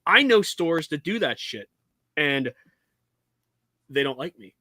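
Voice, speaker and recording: A man's voice: on the high side, big pitch swings, slow, bright, forceful tone, dry recording. A man co-hosting a casual chat, blunt and profane, saying he tells it like it is. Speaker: co-host.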